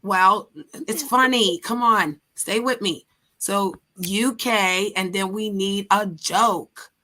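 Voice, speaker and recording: An American woman hosting a live stream, loud and laughing, swearing freely and bossing her friends into a game. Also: medium pitch, slow pace. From United States. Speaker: streamer host. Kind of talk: casual stream banter.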